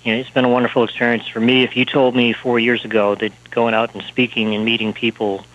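A male author talking in an interview, halting and full of fillers and restarts. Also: mid-range voice, little pitch movement, a bit bright, lo-fi sound. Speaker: author and speaker, guest. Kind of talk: interview talk.

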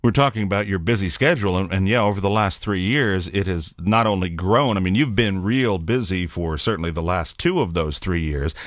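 A man's voice: low-pitched, a little fast, hardly any pauses, dry recording, studio quality. A man hosting a podcast in casual conversation, joking and laughing as he tells stories. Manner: jokey, laughs while telling stories. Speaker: podcast host.

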